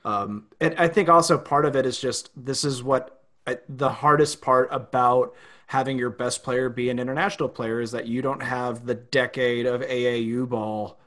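A man co-hosting a sports podcast, talking in a relaxed, dry, joking way. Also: mid-range voice, normal speed. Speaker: podcast host. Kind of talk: casual sports podcast chat.

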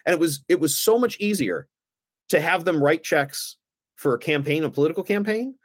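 A man, a guest on a podcast, telling stories in a casual, animated way and acting out the other people's lines. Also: on the high side, moderate pace, no room sound, clean studio sound. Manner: animated anecdotes, acts out the other voices. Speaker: guest, former aldermanic candidate. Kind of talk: casual storytelling.

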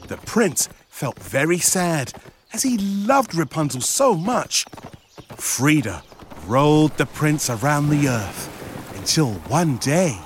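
A man narrating a children's story, animated and speaking to young listeners. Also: a little high, takes it slowly, slight background noise.

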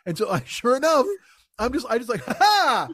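High-voiced man on a profane comic rant. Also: lively intonation, fairly quick, a bit bright, dry recording, clean studio sound. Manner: profane, exasperated storytelling. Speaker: podcast host. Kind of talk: casual comedic rant.

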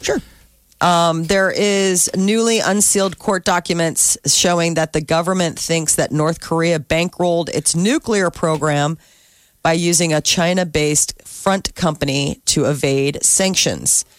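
A woman's voice: lowish voice, steady tone, a little slow, dry recording. A woman who reads the news on a morning radio show and then chats freely with her co-hosts. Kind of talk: casual morning radio chat.

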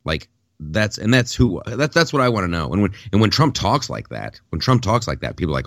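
A man co-hosting a podcast in casual political chat, jokey and animated, with many restarts. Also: deep voice, fairly quick, creaky, no echo, studio quality. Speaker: podcast co-host.

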